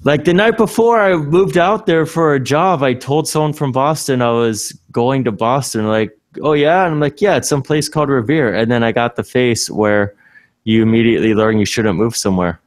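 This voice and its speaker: A man's voice: mid-range voice, normal speed, no room sound. A man co-hosting a podcast from a hotel room, chatting casually in a joking, offhand way. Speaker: podcast co-host. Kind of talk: casual chat.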